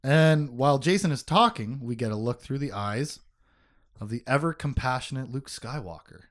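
A man hosting a casual book discussion podcast, animated, laughing often and swearing casually as he reads passages aloud. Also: medium pitch, normal speed. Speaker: podcast host.

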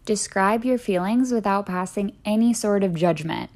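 A woman's voice: medium pitch, normal speed, darkish tone. Female solo podcast host, encouraging and conversational, mid-range voice. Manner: earnest, encouraging, chatty with many "like"s. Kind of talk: solo wellness podcast talk.

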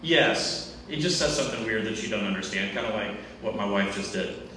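A male pastor preaching a sermon in a church, speaking deliberately in short phrases, often repeating and restarting words. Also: on the low side, animated, bright, forceful tone, slight background noise. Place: church sanctuary. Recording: echoey church from far off.

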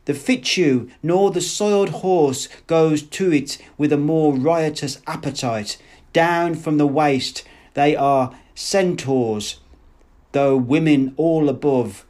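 A man reading aloud, voicing an enraged young man who shouts and recites verse in a rhythmic rant. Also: fairly high pitch, takes it slowly. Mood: raving.

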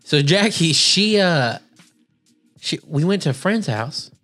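Chill young dude on a podcast, rambles and swears a lot. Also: male voice, a little high, animated, slow pace, fairly bright tone, faint music behind. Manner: laid-back, profane, rambling storytelling. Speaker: podcast co-host. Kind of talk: casual chat.

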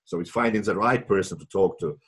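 A man speaking English as a second language in casual chat as a guest, earnest and halting, often restarting his phrases. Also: deep voice, fairly bright tone. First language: not English.

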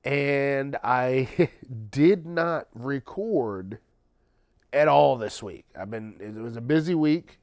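A man's voice: mid-range voice, expressive, slow pace, a little mellow, no room sound, studio quality. A man hosting his own podcast, ranting casually and sarcastically with plenty of swearing, tired late at night. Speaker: podcast host. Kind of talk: casual solo monologue.

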